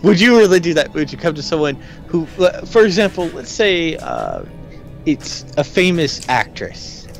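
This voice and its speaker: A man co-hosting a live game stream, chatting casually and explaining the game in halting, restarting bursts. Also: fairly high pitch, wildly swooping pitch, vocal fry, soft background music. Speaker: stream co-host.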